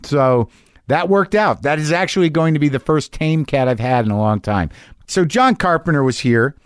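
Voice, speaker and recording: A man's voice: on the high side, lively intonation, normal speed, clean tone, no room sound, studio quality. A middle-aged man hosting a podcast, chatting loosely with lots of fillers and swearing. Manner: loose, profane, rambling with fillers. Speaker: podcast host. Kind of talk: casual podcast chat and ad read.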